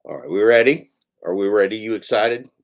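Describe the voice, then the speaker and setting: A man hosting a comic karaoke livestream, rambling and halting, who talks about himself in the third person with mock-grandiose showman patter. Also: lowish voice. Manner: rambling, halting, restarts mid-phrase. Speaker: karaoke stream host.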